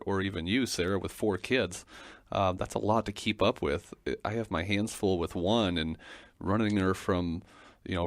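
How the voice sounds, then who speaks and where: Middle-aged male guest; low voice, halting, dry close recording. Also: no room sound. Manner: hesitant, self-correcting. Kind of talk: casual chat.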